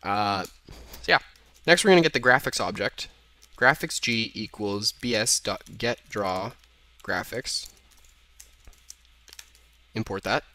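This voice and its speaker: A man's voice: fairly low pitch, takes it slowly, pauses often, bright, forceful tone. Casual young man explaining code. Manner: casual, thinks aloud while typing, self-corrects. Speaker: programming tutor. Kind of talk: screen-recorded coding tutorial. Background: keyboard typing.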